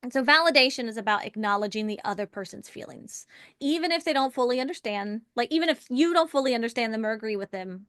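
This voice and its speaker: A woman teaching an online relationship communication workshop, animated, asking rhetorical questions and acting out example phrases. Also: fairly high pitch, quick pace, dry recording, studio quality. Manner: acts out example phrases in changed voices.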